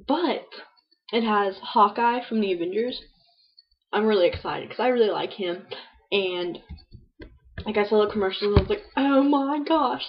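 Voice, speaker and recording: A young woman chatting casually into her webcam about books she has read, rambling and filling gaps with "um" and "like.". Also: medium pitch. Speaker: book vlogger. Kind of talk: casual book review chat. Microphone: webcam microphone. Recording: dull lo-fi webcam audio.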